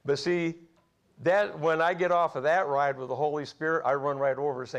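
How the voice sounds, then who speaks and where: A man's voice: fairly high pitch, steady tone, a little fast. A man over forty preaching a sermon, telling folksy personal stories and laughing at his own tales. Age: 40s or older.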